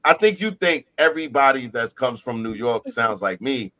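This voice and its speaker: A man's voice: medium pitch, animated, moderate pace, pushed and bright. A man co-hosting a casual podcast chat, arguing his point and repeating himself. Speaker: podcast co-host.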